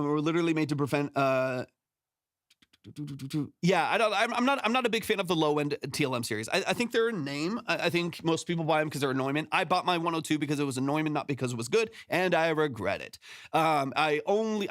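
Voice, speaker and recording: A man's voice: fairly high pitch, animated, quick pace, fairly bright tone, dry recording. A male music producer giving casual, rambling mix feedback on a livestream from his home studio, speaking close to a compressed studio microphone. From San Antonio, Texas. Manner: rambling, self-correcting, often tags "right?".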